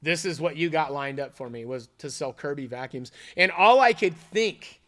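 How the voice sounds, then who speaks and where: Man, podcast co-host, animated storyteller, swears a lot, slightly high voice. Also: normal speed. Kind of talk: casual storytelling chat.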